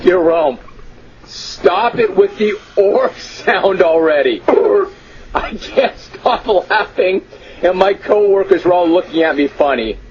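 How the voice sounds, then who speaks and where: A man's voice: sits high, very animated, takes it slowly, gravelly, slight background noise. A man hosting a radio talk show, reading listener emails aloud in a brash, amused, mock-exasperated way. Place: radio studio. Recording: dull lo-fi radio broadcast.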